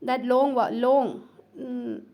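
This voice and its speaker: A woman with a high, light voice delivers a recorded lecture as a teacher. She talks hesitantly, filling pauses and going back over each point. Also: fairly even intonation, dark tone. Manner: hesitant, with frequent fillers, repeats points.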